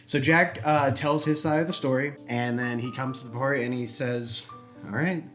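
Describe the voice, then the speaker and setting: A man casually telling a long shaggy-dog joke, acting out the characters' lines in quick put-on voices. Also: mid-range voice, flat delivery, fairly bright tone, soft background music. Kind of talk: casual chat.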